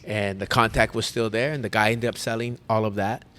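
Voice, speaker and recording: Guy on a podcast, lowish voice, rambling story with lots of restarts. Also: steady tone, a little fast, fairly bright tone, smooth. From United States. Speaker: podcast host. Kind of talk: casual storytelling chat.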